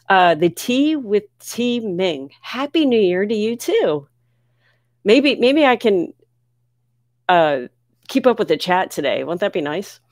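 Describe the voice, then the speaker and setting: A woman from the United States hosting a casual livestream, reading viewer comments aloud and answering questions in an excitable, chatty way. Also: mid-range voice, takes it slowly, no room sound, studio quality. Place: home near Philadelphia.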